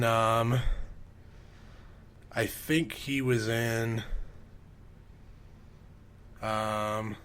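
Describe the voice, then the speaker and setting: A man hosting a casual podcast, rambling through a story with curses in nearly every line. His voice sits at an ordinary middle pitch for a man. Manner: profane, rambling, swears constantly. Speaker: podcast host.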